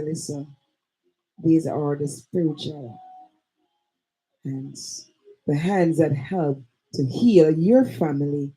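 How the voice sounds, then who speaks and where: A woman hosting a live show, talking with a preachy, drawn-out emphasis. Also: sits low, warm tone, slightly rough, poor audio. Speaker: show host. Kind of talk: live radio-style chat.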